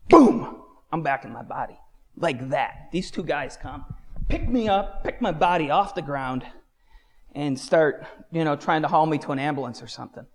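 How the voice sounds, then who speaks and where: A man giving a dramatic personal testimony, animated, swinging from shouts down to hushed whispers. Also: on the high side. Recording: long hall reverb.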